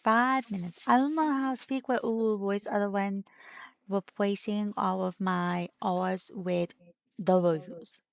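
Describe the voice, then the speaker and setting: A woman's voice: mid-range voice, fairly even intonation, takes it slowly, gravelly. A woman co-hosting a gaming stream in casual chat, playful and giggly, trying out a cutesy baby-talk voice and swearing now and then. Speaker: streamer co-host.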